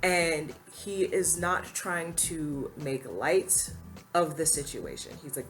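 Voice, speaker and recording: A woman's voice: deep voice, animated, takes it slowly, soft background music. A woman giving earnest, emphatic opinion commentary to camera, now and then quoting others in a mocking voice. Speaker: commentary YouTuber.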